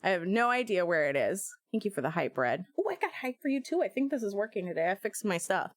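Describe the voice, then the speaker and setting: A woman streamer in casual live-stream chat, animated and joking, often breaking into laughter. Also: medium pitch, fast talker, no room sound, studio quality.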